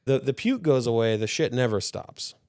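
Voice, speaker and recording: A man's voice: medium pitch, very animated, moderate pace, a little mellow, no echo, studio quality. A man co-hosting a casual podcast, telling a long story with laughter and swearing. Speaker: podcast co-host.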